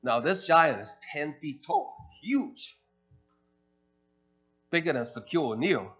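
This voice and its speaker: Animated preacher man in a church. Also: on the high side, slow pace. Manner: animated, acts out quoted characters. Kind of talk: sermon storytelling. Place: church sanctuary. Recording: dull lo-fi church recording with faint music.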